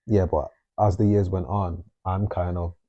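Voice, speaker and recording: A man's voice: low-pitched, fairly even intonation, normal speed. A man from South Manchester with a Manchester accent, co-hosting a podcast in casual, teasing banter. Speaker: podcast co-host. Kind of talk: casual chat. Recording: dull lo-fi recording.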